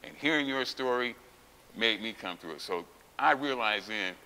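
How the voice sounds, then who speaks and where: A man's voice: fairly low pitch, expressive, moderate pace, clear, resonant tone. Profane, emphatic man in a gym. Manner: profane, emphatic, acts out quotes with loud outbursts. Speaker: guest, former champion weightlifter. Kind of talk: candid interview storytelling. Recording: long reverb with faint hiss.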